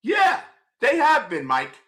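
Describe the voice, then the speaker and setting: Loud, swearing New York man in his sixties. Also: very high-pitched, huge pitch swings, slow. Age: 60s. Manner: blunt, loud and swearing, often shouting. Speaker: host of a fan postgame show. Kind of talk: profane postgame rant answering viewer chat.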